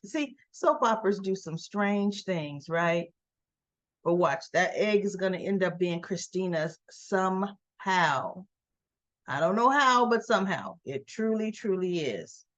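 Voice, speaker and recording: A woman chats casually through a recap of a soap opera episode, retelling the scenes and who said what with "she goes" quotes. Her voice is medium-pitched, expressive and fairly bright, a little slow, and the highs are cut off.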